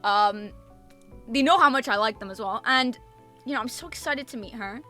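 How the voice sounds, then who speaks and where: Bright, animated woman telling a story. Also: on the high side, normal speed, faint music behind. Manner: animated, swearing, emphatic repetitions. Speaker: VTuber streamer. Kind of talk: casual storytelling chat.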